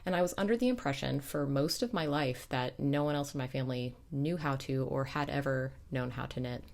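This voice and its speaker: Low-voiced woman chatting casually. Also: fairly quick, gravelly, a little mellow. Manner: chatty, digressive, self-correcting. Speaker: knitting podcast host. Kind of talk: casual chat.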